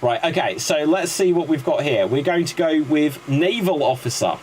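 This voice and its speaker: A man's voice: fairly high pitch, expressive, a little mellow, slight background noise. A man hosting an improv comedy show, joking, laughing and calling on players. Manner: jokey, quick, laughing between prompts. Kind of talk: casual comedy banter.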